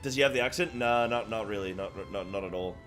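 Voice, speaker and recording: A man's voice: on the low side, fairly bright tone, faint music behind. A man chatting casually while streaming a game, rambling with many fillers and restarts. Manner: rambling, halting, lots of fillers. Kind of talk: casual live-stream chat.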